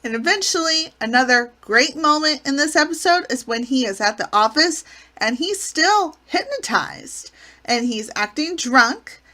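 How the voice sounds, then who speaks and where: A woman's voice: sits high, expressive, a little slow, bright, forceful tone, slight background noise. Gushing woman recapping a sitcom. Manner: enthusiastic, gushing retelling. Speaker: channel host reviewing a classic sitcom. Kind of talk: casual episode recap.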